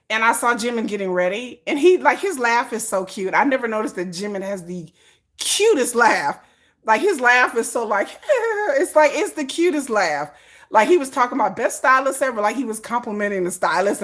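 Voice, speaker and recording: A woman's voice: on the high side, expressive, normal speed, a bit bright. A woman chatting casually as a vlogger, laughing often and acting out little scenes in playful voices. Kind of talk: casual chat.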